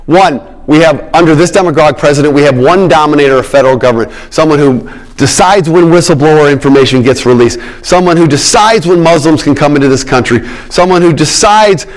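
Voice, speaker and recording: A man's voice: on the high side, a little fast. A middle-aged man giving a public lecture on politics, emphatic, repeating his key words and checking in with the audience.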